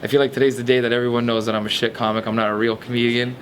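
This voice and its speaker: Fast-talking, candid young man. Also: medium pitch, flat delivery, slight background noise. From Portuguese family background. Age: 20s. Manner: candid, rambling, with frequent restarts. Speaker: comedian being interviewed. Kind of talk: documentary interview.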